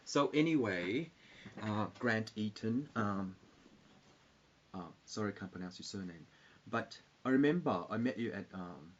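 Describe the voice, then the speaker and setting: A man rambling in a loose, halting live-stream chat with viewers, full of fillers and restarts. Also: fairly low pitch, expressive. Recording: dull lo-fi recording.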